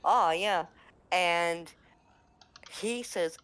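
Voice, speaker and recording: American woman telling a funny game story, laughs a lot, average pitch. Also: takes it slowly, pauses often, no room sound. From United States. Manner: animated anecdote telling, laughs often. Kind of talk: casual chat.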